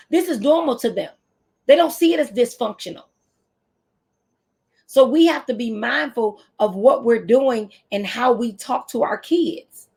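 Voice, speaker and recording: A woman in her fifties from the United States, talking to camera as a teacher trainer in an animated, preacherly way with AAVE speech. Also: sits high, breathy edge.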